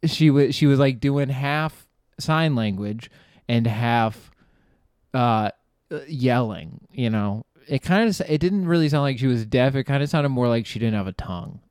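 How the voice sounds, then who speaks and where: Smooth-voiced man telling rambling stories. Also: mid-range voice, expressive, a little slow, a little mellow, no echo, clean studio sound. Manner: rambling, profane, trails off and restarts; laughs at his own jokes. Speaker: podcast host. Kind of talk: casual comedic storytelling.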